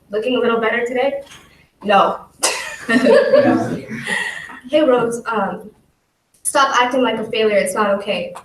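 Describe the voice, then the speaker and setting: A woman's voice: on the high side, a bit bright. A teenage girl reading her own poem aloud at a school event, nervous, giggly and emotional. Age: late teens. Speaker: high school student poet. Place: school auditorium. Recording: echoey hall from far off, faint noise.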